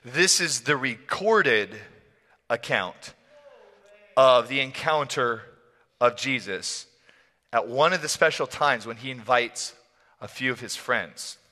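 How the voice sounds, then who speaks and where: A man preaching a sermon as a pastor, telling the story in an animated, playful way with frequent laughs. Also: medium pitch, slow pace, pauses often. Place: church hall. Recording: long church hall reverb.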